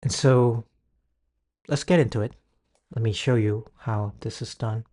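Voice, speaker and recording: A man leading a guided healing meditation, speaking gently with long pauses and reciting calm phrases for the listener to repeat. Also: medium pitch. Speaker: guided healing session leader.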